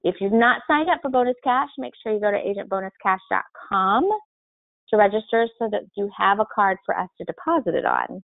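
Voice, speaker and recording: A woman presenter walks through her answers in a clear, helpful manner. Her voice reaches us over a tinny, phone-like line. The sound is dry, with no room around it. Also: medium pitch, animated, fairly quick, no echo. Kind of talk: webinar Q&A explanation.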